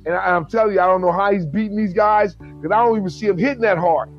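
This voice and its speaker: A man in casual chat about fights, animated and profane, often acting out quotes. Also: sits high, fast talker, dull audio, faint music behind.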